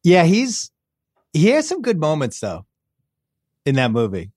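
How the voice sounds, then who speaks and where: A man hosting a podcast, chatting casually with quick conversational asides. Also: a little high, huge pitch swings, a little mellow, no echo, clean studio sound. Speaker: podcast host. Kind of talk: casual sports podcast chat.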